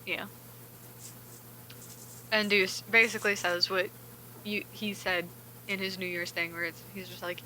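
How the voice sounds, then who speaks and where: A woman's voice: medium pitch, steady tone, measured pace, long pauses, sharp tone, a little hiss or hum, low-quality recording. A woman co-hosting a podcast in casual discussion, chatty and laughing often as she recaps. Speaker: podcast co-host.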